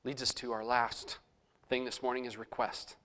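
A man's voice: medium pitch, flat delivery, normal speed, pushed and bright, slight background noise. A middle-aged man preaching a sermon as pastor, conversational, acting out prayers aloud in his own voice.

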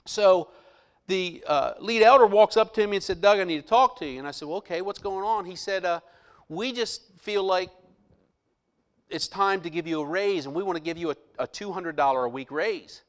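A middle-aged man, a pastor, telling a personal story in a sermon, quoting others and dropping into a hushed voice for inner thoughts. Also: sits high, normal speed. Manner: animated storyteller, drops to hushed voice for quoted lines.

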